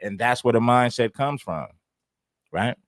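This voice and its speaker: Man, livestream co-host, calm and explanatory, mid-pitched voice, dry close sound. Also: unhurried, no room sound. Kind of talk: casual livestream commentary.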